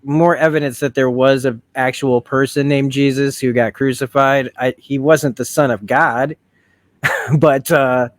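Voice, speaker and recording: A man's voice: medium pitch, steady tone, measured pace, no echo. A man hosting a casual review, thinking aloud with many restarts and frequent swearing. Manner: rambling, profane, with self-correcting restarts. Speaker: video essay host.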